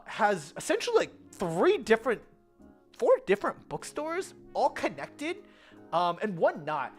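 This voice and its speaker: A young adult with an American accent, chatting casually in a rambling travel vlog, full of fillers and self-corrections. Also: medium pitch. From United States. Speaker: vlogger.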